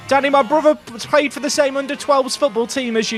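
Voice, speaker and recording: A young man live-streaming a racing game, excitable and jokey, shouting at the screen between commentary. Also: very high voice, fast talker, few pauses.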